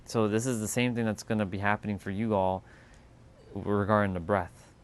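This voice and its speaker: A man hosting a casual spiritual livestream, talking in a calm, unhurried way that turns loose and profane at times. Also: fairly low pitch. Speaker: livestream host.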